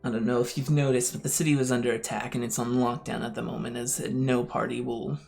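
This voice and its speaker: A man's voice: medium pitch, little pitch movement, fast, gravelly, a little mellow, soft background music, natural voice. A man doing a pompous older city official. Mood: officious.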